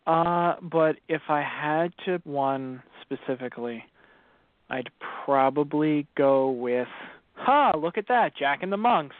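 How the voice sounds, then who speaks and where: A man co-hosting a podcast, replying in short unhurried remarks during casual review chat. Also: a little high, lively intonation, no room sound. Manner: unhurried, brief agreeing replies. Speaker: podcast co-host. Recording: dry, phone-like narrow audio.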